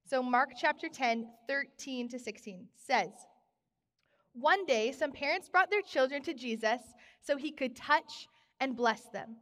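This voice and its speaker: A young woman preaching a sermon in a church, telling stories with bubbly, animated exclamations. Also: high voice, unhurried. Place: church sanctuary. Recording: long church reverb.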